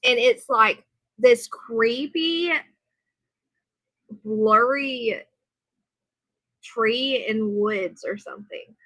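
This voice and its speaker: Bright-voiced chatty woman streamer. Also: on the high side, drawn-out words, long pauses, no room sound, low-quality recording. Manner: chatty, animated asides while reading. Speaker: live streamer. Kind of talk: reading a news report aloud, then casual chat with viewers. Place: at home at her computer. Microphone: computer mic, earbud in for monitoring.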